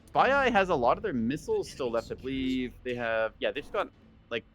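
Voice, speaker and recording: Lively male co-caster, faint hiss behind. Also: mid-range voice, brisk. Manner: analytical, conversational. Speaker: esports co-caster. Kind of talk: color commentary.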